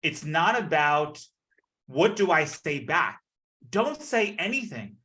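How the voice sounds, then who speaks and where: A man coaching a business community on a video call, energetic and playful, acting out the people he quotes. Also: fairly high pitch, slow pace. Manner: energetic, acts out quoted voices. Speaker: network marketing leader.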